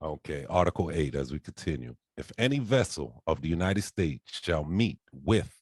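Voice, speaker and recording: A man in a group call reading treaty articles aloud, halting over some words. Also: rumbling low, expressive, a little mellow, breathy edge, dry recording.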